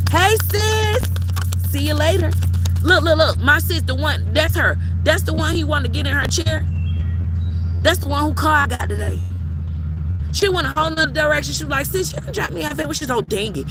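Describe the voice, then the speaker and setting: A woman's voice: high-pitched, fast talker, noisy background. A woman tarot reader, talking bluntly and profanely in a casual vlog rant, recorded outdoors in a cemetery. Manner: blunt, profane, animated storytelling.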